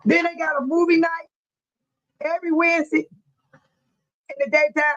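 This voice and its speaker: Older lady w a high voice laughing thru her livestream, reading chat comments. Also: normal speed, highs cut off. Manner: laughs often, animated and chatty. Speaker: livestream host.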